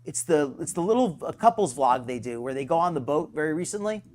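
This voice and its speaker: A man's voice: fairly high pitch, lively intonation, fast talker, darkish tone. A man hosting a live stream, rambling and sarcastic, poking fun at himself. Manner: rambling, sarcastic, self-deprecating.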